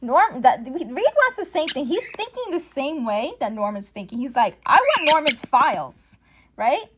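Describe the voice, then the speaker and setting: A woman in casual commentary, excitedly recapping a comic book story and acting out the characters' lines. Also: high voice, moderate pace, slight background noise. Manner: excitable, exclaims often, acts out characters' lines.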